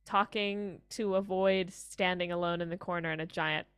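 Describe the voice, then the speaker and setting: A woman's voice: fairly low pitch, fairly even intonation, moderate pace, a bit bright, clean tone, no room sound. Young American woman, rambly guest, chatty, dry close recording. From Colorado, United States. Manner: rambling, heavy "like" fillers, acts out quoted voices. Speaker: interview guest, music student. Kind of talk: casual chat.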